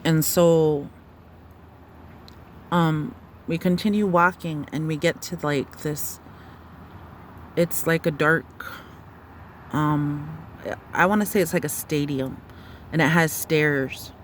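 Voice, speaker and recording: A woman retelling a dream in a halting, searching way, with many fillers and restarts. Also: low-pitched, fairly even intonation, a little hiss or hum. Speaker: storyteller. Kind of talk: personal testimony of a dream.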